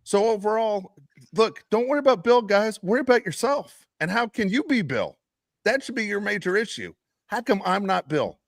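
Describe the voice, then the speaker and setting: A podcast co-host who rants and tells stories with swings of pitch that rise and fall all over the place. He swears freely and talks with big energy. His voice is dry and close to the mic, with no room sound. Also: moderate pace, no room sound. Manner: animated, profane ranting storyteller. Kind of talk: casual chat.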